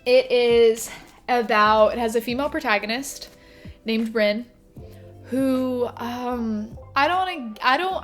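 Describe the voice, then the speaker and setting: A young woman reviewing her favorite books to camera, gushing and emotional, with lots of "like" and "um" fillers. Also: fairly high pitch. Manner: impassioned, gushing, talks through tears; frequent "like" and "um" fillers. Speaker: book reviewer. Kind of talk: casual to-camera book review.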